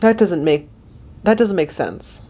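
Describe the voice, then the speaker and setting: A woman's voice: on the low side, expressive, measured pace, dark tone. A young woman hosting a casual movie reaction, chatty and gushing, often laughing.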